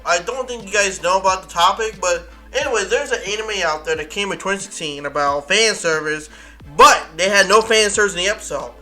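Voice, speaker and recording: A man hosts a casual chat interview. His voice sits high and bright, and he talks in rambling bursts, stopping, restarting and correcting himself as he goes. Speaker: interview host.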